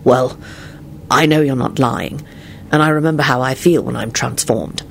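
A reader voicing Lupin, a weary adult werewolf who speaks quietly and firmly, sometimes hoarsely. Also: mid-range voice, moderate pace, a little hiss or hum, close to an everyday voice. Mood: calm. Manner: quiet, firm, hoarse at times. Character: weary grown man, a werewolf, steady under strain.

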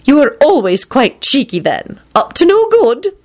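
A woman's voice: huge pitch swings, full character voice. A woman doing McGonagall, a stern old headmistress. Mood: scolding. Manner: brisk, scolding, high and sharp. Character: stern elderly woman headmistress, proud and brisk.

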